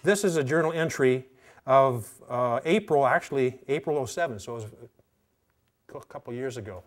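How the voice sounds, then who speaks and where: A man teaching a Christian class, talking in a relaxed, conversational way and reading his own journal entries aloud with pauses. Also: mid-range voice, faint music behind. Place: teaching session at a training institute.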